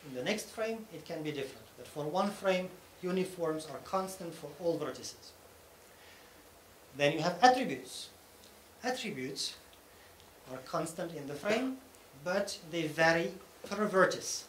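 A man's voice: fairly high pitch, animated, measured pace, fairly bright tone. A man giving a technical conference talk, explaining things step by step and often checking in with the audience. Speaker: conference speaker. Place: conference hall. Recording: echoey hall with faint room noise.

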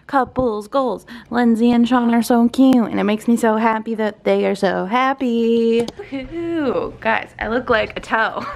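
A woman's voice: medium pitch, vocal fry. A young woman vlogging casually at home in her kitchen, chatty and playful, talking to her pets and the camera. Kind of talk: casual vlog chat. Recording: home video with audible noise.

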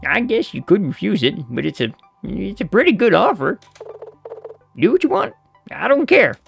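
Streamer doing a raspy old mobster rat voice, slow smug drawl, low. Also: big pitch swings, faint music behind. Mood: dismissive. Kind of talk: reading game dialogue aloud.

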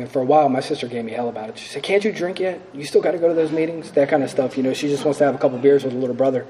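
Fast-talking man telling his recovery story. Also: medium pitch, mellow, a little hiss or hum, rough recording. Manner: earnest, self-mocking, full of fillers. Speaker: recovery meeting speaker. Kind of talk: personal testimony talk.

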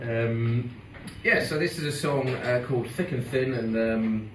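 A man's voice: mid-range voice, measured pace, background noise. A singer-songwriter chatting and joking easily with his audience between songs at a live club gig. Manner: easygoing, joking banter with the audience. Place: live music club, on stage before an audience. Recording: roomy live club sound, distant mic, loud guitar.

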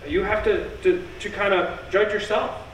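A man's voice: high voice, fairly even intonation, measured pace, muffled recording, a little hiss or hum. A male pastor preaching a sermon in an earnest, emphatic way, often repeating phrases for stress. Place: church sanctuary. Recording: echoey church heard from a distance.

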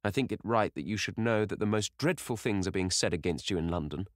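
An earnest painter speaks gravely in a very low, deep voice, pressing a worried friend, played by a man. His manner is serious and measured. The recording is dry and close. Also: no room sound, close to an everyday voice.

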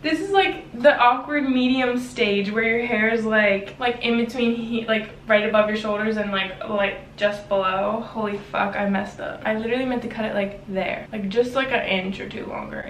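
A young woman vlogging to camera while she cuts her own hair, talking to herself in a nervous, swearing, chatty way. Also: mid-range voice. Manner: anxious, swearing, self-talk while cutting hair. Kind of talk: casual vlog, talking to camera. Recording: roomy, distant camera with background noise.

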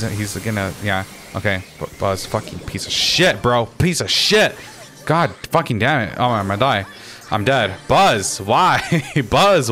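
A man's voice: on the low side, a bit bright. Swearing, ranting young man gamer. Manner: swears constantly, ranting and complaining. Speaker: gaming channel host. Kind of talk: frustrated gameplay commentary. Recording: faint background noise.

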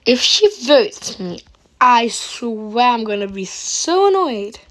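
Slow-talking woman with a higher voice. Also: very animated, fairly bright tone. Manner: chatty and dramatic, talking to viewers. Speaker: gaming channel host. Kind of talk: casual gameplay commentary.

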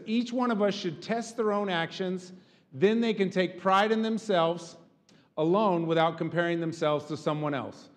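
A man preaching as pastor, animated, often checking in with the congregation with a quick "right?". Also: sits high, big-room sound. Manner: animated, keeps asking "right?". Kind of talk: sermon.

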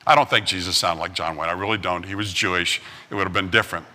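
A man preaching a sermon as pastor, telling stories with acted-out quotes and lively swings in delivery. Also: deep voice, fast talker, big-room sound. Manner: animated storytelling with acted-out quotes. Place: church sanctuary.

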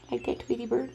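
A pet foster carer films her foster kittens at home on her phone for a casual pet vlog, coaxing them in baby talk and laughing often. Her voice is a little high and creaky.

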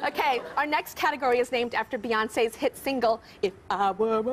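A woman's voice: fairly high pitch, a little fast. A woman in her thirties hosting a TV talk show, bubbly and teasing, laughing often as she interviews a guest. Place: TV studio with audience. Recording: studio with audience and background noise.

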